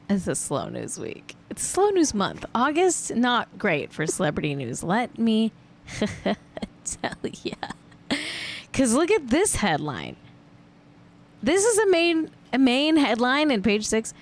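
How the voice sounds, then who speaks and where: A woman's voice: fairly high pitch, huge pitch swings, slow pace, pauses often, slight background noise. A woman hosting a casual celebrity gossip show, chatty and amused, peppering her talk with "like". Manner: chatty and amused, heavy use of "like". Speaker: podcast host.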